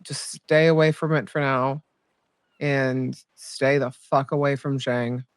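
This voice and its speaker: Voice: mid-range voice, fairly even intonation, slow, clean tone, no echo. A player chatting in character during a roleplay, gossipy and hesitant with casual swearing.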